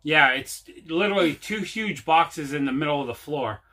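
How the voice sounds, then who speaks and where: Bright-voiced man rambling through a story. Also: on the high side, expressive, normal speed. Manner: rambling, repeats himself, many fillers. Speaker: host. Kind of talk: casual storytelling to camera.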